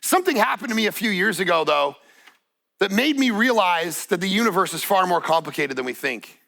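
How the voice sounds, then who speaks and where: A man's voice: high-pitched, sing-song, fairly quick, gravelly, bright, forceful tone. A middle-aged man preaching a sermon, telling a personal story in a conversational way that builds to emphatic points. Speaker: pastor. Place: church stage.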